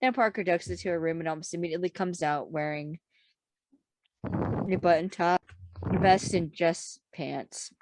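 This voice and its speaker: A woman's voice: on the low side, normal speed, pauses often, a little mellow. A young woman co-hosting a casual podcast, retelling TV scenes with laughing asides. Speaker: podcast co-host. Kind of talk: casual recap chat.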